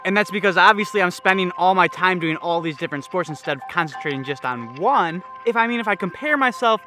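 Upbeat high-voiced young man vlogging. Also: fast, music in the background. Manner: excited and laid-back, full of "like" and "dude". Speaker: vlogger and speed flyer. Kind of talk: casual vlog talk to camera. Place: outdoors on a mountain.

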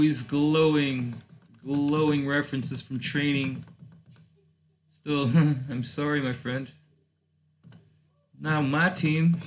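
Speaking English as a native Portuguese speaker from Lisbon, this man narrates a relaxed let's-play for his gaming channel. His mid-range voice wanders through off-topic musings, then jumps into excited outbursts as he reasons things out.

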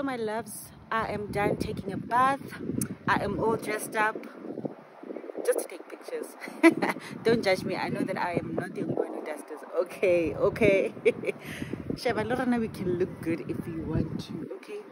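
A young woman chatting casually to her phone camera at home, talking to viewers in a lively, exasperated way. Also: medium pitch, heavy background noise. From South Africa. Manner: chatty, exasperated, quick laughs. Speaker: vlogger. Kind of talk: casual vlog chat. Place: home indoors. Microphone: phone held at arm's length.

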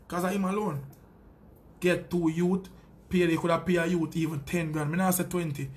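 A Jamaican man with a high-pitched voice delivers a heated callout rant. He speaks as a sound system selector, taunting and boastful, with plenty of profanity.

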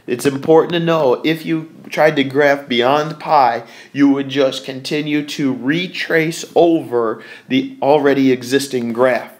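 A man's voice: mid-range voice, fairly even intonation, unhurried, few pauses. A man teaching a recorded math lesson, thinking aloud as he draws and correcting himself along the way.

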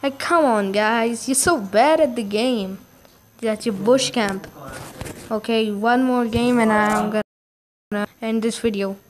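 A woman giving casual gameplay commentary, reacting excitably with quick exclamations. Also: a little high, slight background noise.

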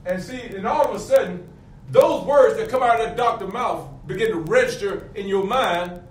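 High-voiced preaching man, echoey hall. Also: normal speed. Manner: fervent preaching with call-and-response questions. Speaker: pastor. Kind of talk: sermon. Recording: echoey, from a distance, faint room noise.

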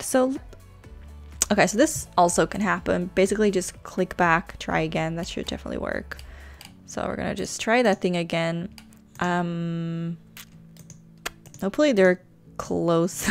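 Woman, casual tutorial chat, self-teasing, rambling, gravelly, desk mic. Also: on the low side. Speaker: gaming channel host. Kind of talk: casual screen-recorded tutorial. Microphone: desk microphone.

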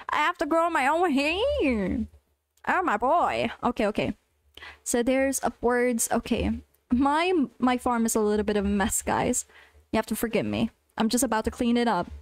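A young woman streaming a farming game, chatting casually with her viewers and squealing with excitement. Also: a little high, no room sound.

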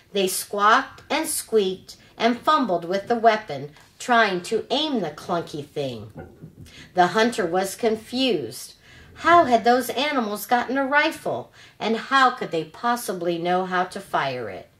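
Slow, deliberate woman reading a story. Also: mid-range voice, a bit bright. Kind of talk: reading a children's novel aloud.

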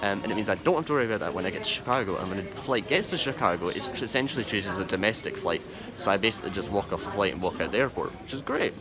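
A man's voice: fairly low pitch, expressive, racing, few pauses, over music. A young man vlogging casually from an airport, chatty and rambling with lots of fillers and restarts. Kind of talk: casual travel vlog. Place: airport departure area, indoors.

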